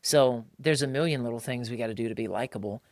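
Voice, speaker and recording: A fast-talking podcast co-host with a mid-range, darkish voice chats colloquially, calling listeners "bro" and mimicking other people's voices when quoting them. The sound is clean studio audio with no echo.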